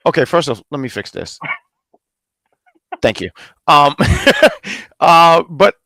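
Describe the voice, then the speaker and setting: A man hosting a casual podcast, lively and jokey, stumbling over his words now and then. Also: a little high, slow pace, vocal fry, no echo. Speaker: podcast host.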